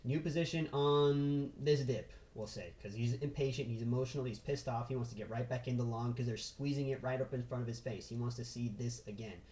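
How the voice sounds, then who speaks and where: A man giving a casual trading lesson over a chart, excitable, with constant "right?" and "boom" interjections. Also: brisk, few pauses, echoey room, rough recording. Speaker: trading instructor.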